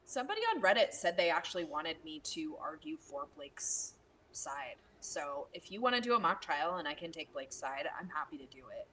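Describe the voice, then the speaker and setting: A woman's voice: low-pitched, expressive, normal speed, a bit bright, rough recording. A woman guest in a casual chat who talks things through analytically and acts out what others might say. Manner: analytical, acts out quoted voices.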